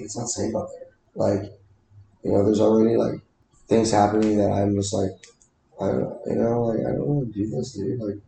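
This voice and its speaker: A man's voice: fairly low pitch, gravelly, warm tone, heavy reverb, slight background noise, rough recording. A man talking in a rambling, casual way, full of fillers and restarts. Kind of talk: casual conversation.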